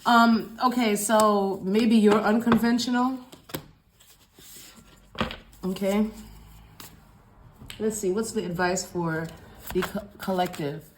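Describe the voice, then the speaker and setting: A woman's voice: medium pitch, steady tone, slow pace, long pauses, background noise. A woman giving a casual collective tarot reading, talking in a loose, rambling, slangy way with frequent swearing and repeated phrases. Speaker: tarot reader.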